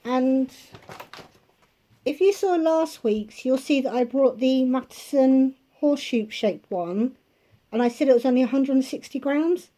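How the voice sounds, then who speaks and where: A woman's voice: high-pitched, measured pace, warm tone. A woman vlogging a grocery haul from her kitchen at home, talking casually and rambling into chatty asides.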